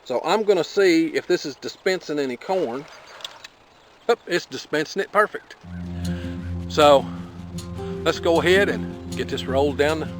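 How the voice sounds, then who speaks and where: A man explaining how he plants his corn in a relaxed, folksy step-by-step way, talking to the camera outdoors on his farm. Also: a little high, a little slow, pauses often, soft background music. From Appalachia. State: out of breath after planting. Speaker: homesteading vlogger.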